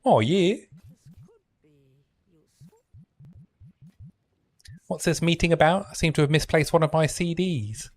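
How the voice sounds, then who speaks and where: A man's voice: on the high side, animated, fairly quick, pitched above the performer's own voice. A man doing a laid-back Kiwi dev, clumsily put on. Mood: mock-laid-back. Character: game developer man, laid-back, in a clumsy put-on New Zealand accent.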